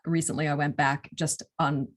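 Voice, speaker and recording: A woman audiobook narrator and actor from the United States, telling stories with enthusiasm and quick restarts. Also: low-pitched, flat delivery. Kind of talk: interview answers.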